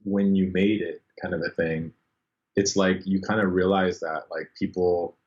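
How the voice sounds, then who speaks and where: A man, a bass player, telling stories as a podcast guest, animated and full of fillers, acting out the people he quotes. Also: moderate pace. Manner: animated, acts out quoted voices, many fillers. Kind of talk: casual storytelling interview. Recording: dull lo-fi sound.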